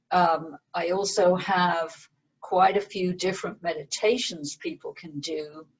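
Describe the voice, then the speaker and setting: A woman meditation teacher and author, explaining her practice in a slow, gentle way as an interview guest. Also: lowish voice, poor audio. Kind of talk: interview conversation.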